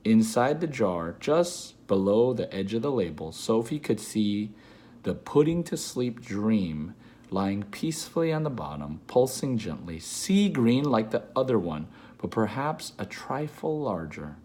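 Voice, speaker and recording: A man with a fairly low voice reads a children's storybook aloud, slow and gentle in pace. His intonation rises and falls in lively arcs, and he breaks off to point things out to a young listener. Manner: pauses to explain pictures to a child. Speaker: storybook reader.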